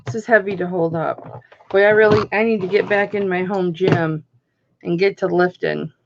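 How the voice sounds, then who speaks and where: A woman's voice: on the low side, fairly even intonation, normal speed, gravelly, muffled recording, background noise. A woman hosting a live online jewelry auction, chatting casually and calling out bidders by name as she counts down the bids. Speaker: auction host.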